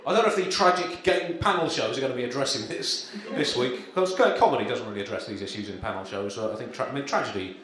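A man doing a deadpan stand-up comedy set at a live gig, with dry humour, hesitant ums and frequent chuckles. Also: medium pitch, fast, few pauses, a crowd in the background. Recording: very echoey room with clear ambience.

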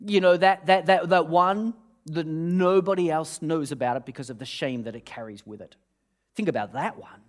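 A man's voice: a little high, normal speed. A man preaching a sermon, telling a long humorous story with many restarts before turning to scripture. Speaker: pastor.

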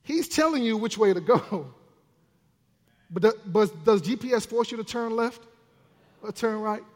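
A man minister preaching a sermon in an animated, playful way, with asides to the congregation. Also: high-pitched, a little slow. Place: church sanctuary. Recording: long church hall reverb.

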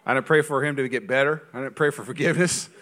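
A man in his thirties, a pastor preaching a sermon in a conversational, joking way that swings from quiet to loud. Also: medium pitch, quick pace, a little hiss or hum.

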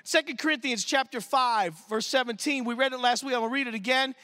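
A man preaching a sermon at a church service, telling stories in an animated, emphatic way as a youth pastor. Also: very high voice, quick pace. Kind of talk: sermon storytelling.

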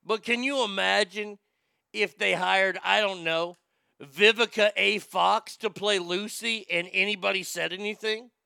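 A man's voice: high-pitched, fairly even intonation, a little slow, gravelly, sharp tone, smooth, dry recording, clean studio sound. A man ranting casually about movies, profane and rambling, reading out viewer comments as he goes.

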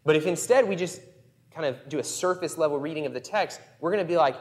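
A man's voice: fairly high pitch, quick pace, darkish tone. Male pastor, sermon, conversational and emphatic, long church reverb. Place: church sanctuary.

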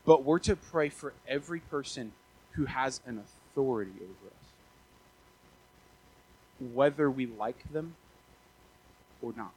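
A young man in his twenties preaching a casual, animated sermon as a pastor, often stammering and restarting his words. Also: mid-range voice, measured pace, pauses often, slightly rough, rough recording. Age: 20s.

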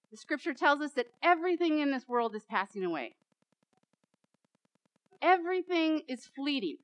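A woman's voice: sits high, a bit bright, dry recording, poor audio. A woman preacher giving a dramatic sermon, repeating phrases and building to emphatic peaks.

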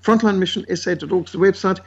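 A man's voice: high-pitched, fairly even intonation, fast talker, vocal fry, a little mellow, slightly rough, lo-fi sound. A man from Africa, a guest telling stories in an interview in an indignant way, full of fillers. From South Africa. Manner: indignant, acts out quoted voices, many fillers. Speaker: guest, missionary author. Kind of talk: animated storytelling in an interview.

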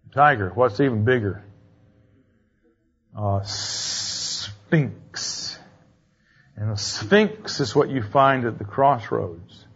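A man's voice: mid-range voice, normal speed, few pauses, a bit bright, slightly rough. Guy teaching a class, chatty, keeps throwing questions at the room, kinda dull sound. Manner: conversational, quizzing the class with questions. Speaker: lecturer. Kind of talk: classroom lecture.

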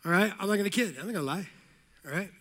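Male pastor, high voice, energetic sermon, repeats phrases, calls of amen. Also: rapid-fire. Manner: energetic, repetitive, jokey asides, calls of amen.

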